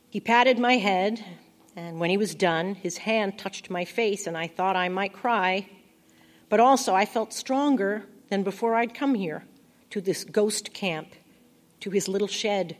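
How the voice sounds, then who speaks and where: A woman narrating a first-person audiobook in a quiet, intimate, reflective way. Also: mid-range voice.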